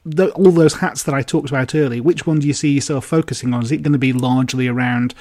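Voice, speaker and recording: A man's voice: mid-range voice, fast, a little mellow. A man hosting a podcast, asking long, loose questions with light laughs. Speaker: podcast host. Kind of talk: casual interview.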